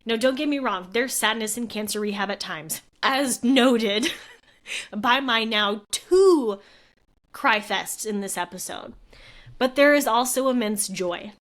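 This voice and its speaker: A woman's voice: a little high, a little slow, a bit bright. A young adult woman, a physical therapist, hosting a solo podcast in an earnest, heartfelt, conversational way with frequent fillers. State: tearful at moments.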